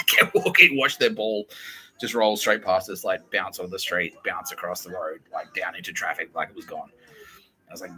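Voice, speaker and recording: Over soft background music, this low-voiced Australian man hosts a podcast and talks fairly quickly through a comedy story. He's profane and animated, putting on the voices of the characters. The recording quality is low.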